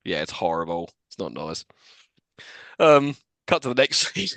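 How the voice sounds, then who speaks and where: A man's voice: low-pitched, sing-song, unhurried, a bit bright, no room sound. A man co-hosting a podcast, casually recapping a movie scene by scene, laughing often and swearing freely. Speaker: podcast co-host. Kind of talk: casual film recap chat.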